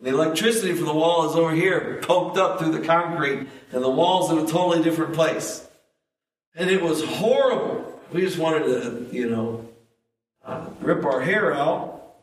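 A man preaching a sermon, telling stories in a lively way and acting out the voices he quotes. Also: a little high, normal speed. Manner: storytelling, animated, acts out quoted voices. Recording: echoey hall, mic at a distance.

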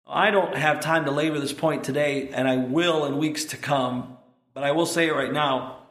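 A man preaching a sermon as pastor, impassioned and building to shouted peaks. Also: on the high side, fairly even intonation, moderate pace, echoey room.

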